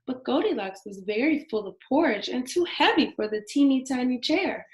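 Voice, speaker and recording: A woman reading a children's story aloud in an expressive, sing-song storytelling manner. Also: high voice, moderate pace, few pauses, reverberant. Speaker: storybook reader.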